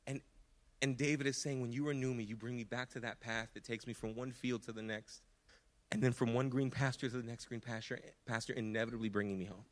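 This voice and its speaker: A man's voice: medium pitch, steady tone, fairly quick. A man preaching a sermon in a church, earnest and impassioned, often restarting his words. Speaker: pastor. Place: church sanctuary.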